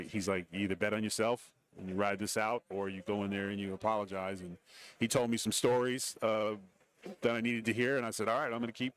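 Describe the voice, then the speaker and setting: A middle-aged man, a guest on a radio show, telling stories in a casual interview and acting out the voices of people he quotes. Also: fairly low pitch. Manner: animated storyteller, acts out quoted voices. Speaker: guest, former wrestler and TV commentator. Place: radio row broadcast booth.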